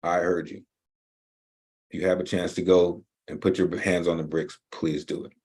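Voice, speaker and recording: A man's voice: low voice, flat delivery, moderate pace, darkish tone, slightly rough. A man who hosts a poetry show gives an earnest announcement over a video call, solemn and pleading, urging his listeners again and again.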